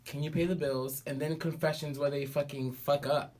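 A man's voice: on the high side, little pitch movement, darkish tone. A man hosting a casual podcast chat, swearing freely and holding forth emphatically. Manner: profane, emphatic, rapid storytelling.

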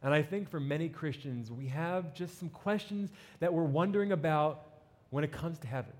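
Animated pastor with slight New Jersey accent. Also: male voice, a little high, normal speed. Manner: animated, joking asides to the congregation. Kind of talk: sermon.

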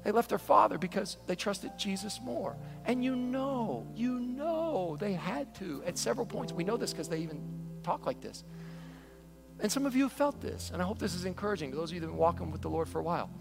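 A male pastor preaching a sermon in an animated, conversational way, often acting out stories. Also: high voice, fairly quick, vocal fry, over music. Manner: animated, conversational, storytelling with quoted voices.

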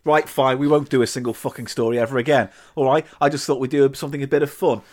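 Exasperated podcast host, mid-pitched, mock-grumpy banter. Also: male voice, steady tone, fast talker, a little mellow. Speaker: podcast host reading stories. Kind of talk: casual banter.

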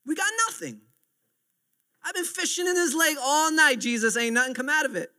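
A man's voice: very high-pitched, moderate pace, sharp tone, big-room sound, pitched above the performer's own voice, exaggerated voice. A man voicing a weary grown fisherman who bluntly complains about a night without a catch.

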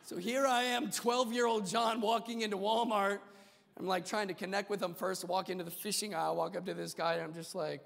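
High-voiced energetic preacher man. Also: fairly quick, creaky. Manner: energetic, humorous, conversational preaching. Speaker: pastor. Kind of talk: sermon. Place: church sanctuary. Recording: reverberant church hall.

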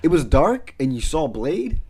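A man's voice: fairly high pitch, big pitch swings, measured pace, a crowd in the background. A man co-hosting a podcast, bantering in a blunt, teasing, profane way. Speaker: podcast co-host.

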